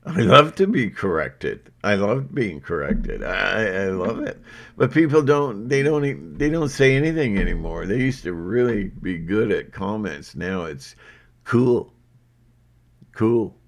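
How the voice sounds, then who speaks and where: A man's voice: fairly low pitch, sing-song, a little slow, creaky. A man hosting his own channel, talking in a rambling, defiant monologue full of fillers and restarts. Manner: defiant, unfiltered, hesitant with many fillers. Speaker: channel host.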